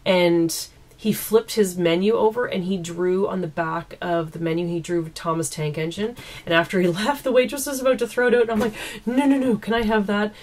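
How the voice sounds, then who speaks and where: A woman's voice: lowish voice, fairly even intonation, fairly quick, darkish tone. A woman from East Coast Canada, chatting casually and giggling as she answers viewer questions at home into a camera mic. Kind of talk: casual Q&A chat.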